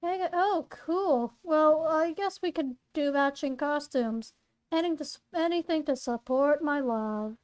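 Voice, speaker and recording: A woman playing a casual teen girl, high and offhand. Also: measured pace, darkish tone.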